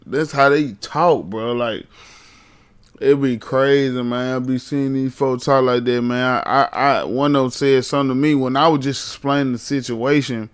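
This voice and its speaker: A man's voice: medium pitch, fairly even intonation, normal speed, clean tone. A man streaming a casual reaction commentary, talking to his chat in blunt slang. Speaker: streamer reacting to arrest videos.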